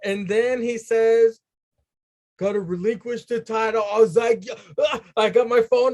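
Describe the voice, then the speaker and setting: A man co-hosting a casual wrestling podcast, swearing freely and acting out his own excited reactions. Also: very high-pitched, a little slow. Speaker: podcast co-host.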